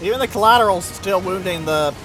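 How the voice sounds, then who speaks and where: A man giving casual, excitable commentary over his own gameplay, swearing freely and breaking into silly sing-song chants. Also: high-pitched, brisk. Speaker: video game let's play host. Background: game music.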